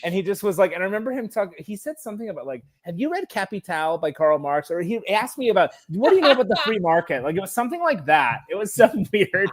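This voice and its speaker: A man's voice: high voice, lively intonation. A man chatting casually, telling a rambling anecdote with plenty of fillers. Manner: chatty, rambling, with quick reactions and laughs. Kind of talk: casual chat.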